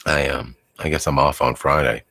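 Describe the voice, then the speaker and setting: A man's voice: extremely low pitch, fairly even intonation, normal speed, bright, forceful tone, breathy edge. A man hosting a live stream, chatting casually and rambling with chuckles. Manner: rambling, chuckling, quotes dogs in silly voices. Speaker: livestream host. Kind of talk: casual chat.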